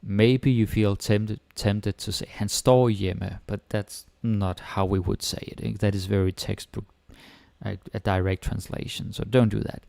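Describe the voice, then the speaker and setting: A man with a Danish accent teaching a relaxed language lesson, explaining step by step and switching between English and Danish. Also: on the low side, moderate pace, vocal fry, no room sound.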